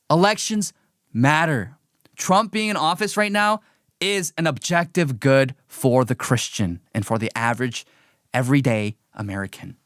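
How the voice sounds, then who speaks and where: Male live-stream host, fiery and preachy, high bright voice, dry close sound. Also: no room sound. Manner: heated, emphatic, preachy, mocking. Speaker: political commentary host. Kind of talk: opinionated live-stream commentary.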